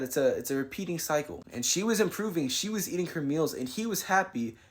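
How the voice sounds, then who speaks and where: A man recapping and reviewing a manga chapter in a casual, slangy way, paraphrasing the characters' lines as he goes. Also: on the high side.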